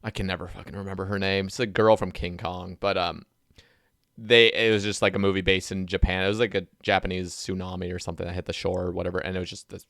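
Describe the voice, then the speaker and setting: A man hosting a podcast, chatting loosely and quickly, swearing often as he tells stories. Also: low voice, flat delivery, gravelly, a bit bright, dry recording, clean studio sound. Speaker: podcast host. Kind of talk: casual podcast chat.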